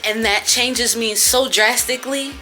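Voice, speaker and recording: A woman's voice: on the high side, fairly even intonation, a little slow, bright, forceful tone, faint music behind. A young woman vlogger talking casually and venting, with a lot of profanity and frustration.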